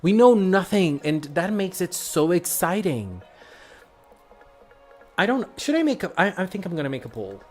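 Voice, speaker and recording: An excitable live streamer, a little sick, greeting chat viewers by name in casual stream talk. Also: medium pitch, moderate pace, pauses often, faint music behind.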